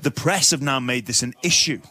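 A man's voice: medium pitch, brisk, pushed and bright. A man co-hosting a sports radio show, arguing his point passionately with frequent restarts. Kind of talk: casual sports debate.

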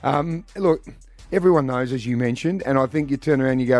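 A man's voice: mid-range voice, fairly even intonation, fast talker, darkish tone, no room sound. A man in his forties with an Australian accent, co-hosting a radio show and telling jokey, blokey stories in casual banter. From Melbourne area, Australia. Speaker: radio co-host.

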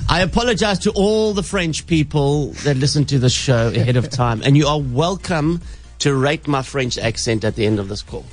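A South African man hosting morning radio, bantering in a playful, jokey way. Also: medium pitch. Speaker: radio host. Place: radio studio.

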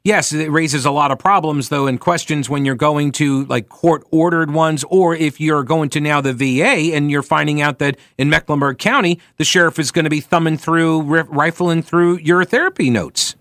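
A man's voice: on the high side, moderate pace, few pauses, no echo. A man hosting a talk radio show, giving sarcastic, opinionated commentary on a studio mic. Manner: animated, sarcastic, mocking asides.

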